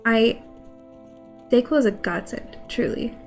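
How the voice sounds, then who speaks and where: Hoarse-voiced woman chatting on stream. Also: fairly high pitch, measured pace, a little mellow, soft background music. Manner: chatty, rambling, greets chat. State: hoarse, scratchy voice from a cold. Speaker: game streamer. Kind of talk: casual chat while gaming.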